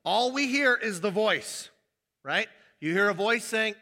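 A man preaching a sermon in a lively, animated way, acting out little scenes in different voices. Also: sits high, measured pace. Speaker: pastor.

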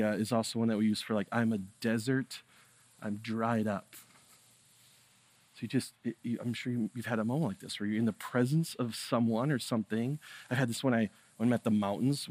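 A man preaching a sermon in a casual, conversational way, with many fillers, growing louder and more intense when he stresses awe. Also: medium pitch. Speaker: pastor.

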